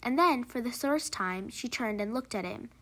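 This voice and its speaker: Woman narrator, storybook reading, fairly high voice, measured, expressive.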